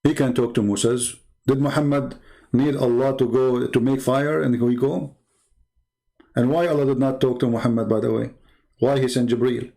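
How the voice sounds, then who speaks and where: A man's voice: mid-range voice, steady tone, normal speed, vocal fry, warm tone. A man with an Arabic accent hosting a live online debate, mocking his opponents with a string of rhetorical questions. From Arab world. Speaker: debate channel host.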